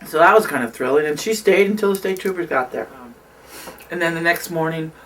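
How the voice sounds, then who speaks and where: Older woman telling a lively story. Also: low voice, fairly quick, distant mic, slight background noise. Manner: animated storytelling with many fillers. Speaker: interviewee. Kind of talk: oral history recollection.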